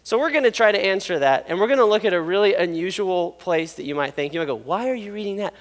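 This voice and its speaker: A man with a high voice preaches to a congregation, telling his own story with animated, self-deprecating humor and frequent laughter. His voice rings out with a long reverb from a large hall. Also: fast talker. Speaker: pastor. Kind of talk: sermon with personal storytelling.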